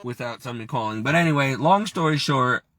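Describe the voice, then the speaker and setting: A man's voice: mid-range voice, lively intonation, quick pace, heavy background noise. A man telling an emotional personal testimony, near tears and earnest, quoting others as he goes. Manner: earnest, tearful, quotes others in his own voice. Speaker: storyteller.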